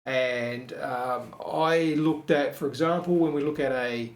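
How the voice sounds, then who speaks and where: A man casually walking through a screen-share design tutorial, thinking aloud with frequent ums and quick self-corrections. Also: mid-range voice. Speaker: web designer teaching a tutorial. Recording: echoey room.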